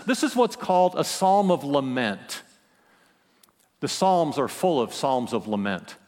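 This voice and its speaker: Impassioned preacher in a reverberant hall. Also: male voice, mid-range voice. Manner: impassioned preaching, rising and dropping to near-whispers. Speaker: pastor. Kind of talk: sermon.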